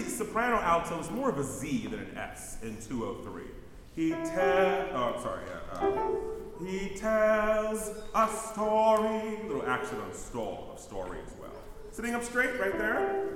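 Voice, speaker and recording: A man's voice: on the high side, huge pitch swings, moderate pace, fairly bright tone. A man directing a choir rehearsal, counting in beats and singing example phrases between instructions. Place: rehearsal hall. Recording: roomy hall with long reverb, faint music.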